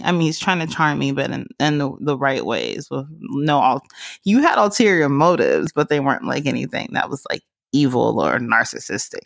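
A young woman hosting a casual podcast chat, animated and laughing often as she retells stories. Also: deep voice, brisk, gravelly, no room sound, studio quality. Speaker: podcast host.

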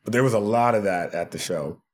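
A man, a podcast guest, telling funny stories from his work in a casual, animated way, often laughing. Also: lowish voice, fairly quick. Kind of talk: casual storytelling.

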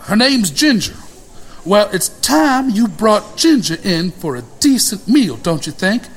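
A man's voice: sits high, sing-song, a little slow, full character voice. A man voicing a sassy, scolding elderly woman cook with a folksy drawl in a comedic audio drama.

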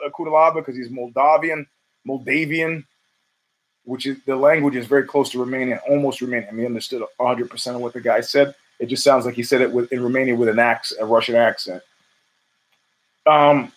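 A man's voice: on the high side, fairly bright tone. A man hosting his own show, giving rambling, profane solo commentary full of restarts and fillers. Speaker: podcast host.

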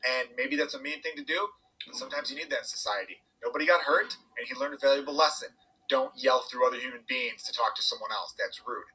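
Fast, bright-voiced chatty man. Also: mid-range voice, husky, poor audio. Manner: animated storytelling, swearing, quoting others. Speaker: podcast guest, comedian. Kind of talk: casual chat.

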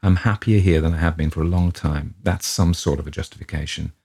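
A weary male writer in his forties, tired of his craft and prone to grumbling, as a man reading the story gives him voice. The voice sits deep and dark with a husky edge. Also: fairly even intonation, brisk, heavily acted. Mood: wan. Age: 40s. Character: weary middle-aged male writer, petulant.

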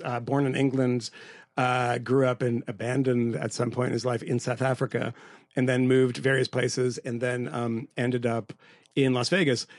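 Male podcast co-host: faint Mid-Atlantic lilt, gravelly, wry and self-mocking, dry studio sound. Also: medium pitch, no room sound. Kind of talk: casual panel chat.

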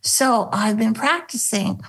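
A middle-aged woman, a former sketch comedy cast member, telling animated stories in a casual interview and acting out the quotes. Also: slow, gravelly, breathy edge, rough recording. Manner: animated, acts out quotes, drops into a low voice for bits.

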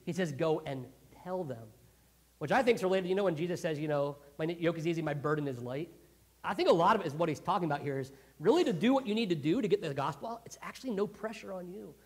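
A man preaching a sermon in a conversational, earnest way, clearing his throat often. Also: high voice, lively intonation, rapid-fire. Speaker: pastor.

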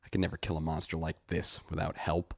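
A frightened, desperate young village man pleading earnestly, as a male reader voices him. The voice is very low and stays near the reader's own. It is a storybook reading with a dry, close sound. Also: completely flat delivery, fast, creaky, no echo.

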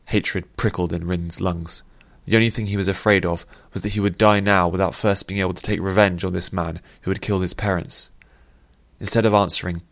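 A man narrating a fantasy story in a steady, measured way. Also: low voice, no room sound.

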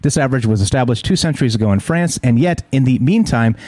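A man's voice: medium pitch, animated, fast talker, mellow, dry recording. A male host giving heated, profane news commentary full of rhetorical questions.

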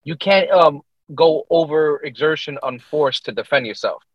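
Male co-host, highish pitch, muffled dry lo-fi sound, loose and laughing, profane. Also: normal speed, a loud crowd. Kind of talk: casual podcast chat.

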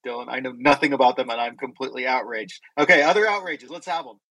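A man hosting a casual online group chat, relaxed and self-deprecating, with frequent chuckles. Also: medium pitch, fast, no echo, poor audio. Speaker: host.

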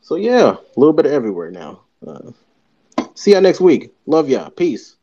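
Laid-back man with a mellow voice. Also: fairly high pitch, big pitch swings, normal speed. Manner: laid-back, agreeable, often laughing along. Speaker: podcast co-host and editor. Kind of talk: casual chat. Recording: dull lo-fi sound.

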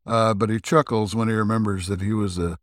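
A man co-hosting a podcast, casually retelling an old episode with many ums and throat clears. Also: lowish voice, steady tone, brisk, no room sound. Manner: rambling, filler-heavy retelling with frequent throat clearing. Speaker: podcast co-host. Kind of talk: casual recap discussion.

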